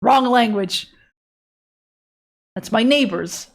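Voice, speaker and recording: A woman's voice: on the high side, takes it slowly, vocal fry. Playful joking woman streaming her drawing. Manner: playful, joking, swears freely, talks to chat. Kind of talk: casual live-stream chat.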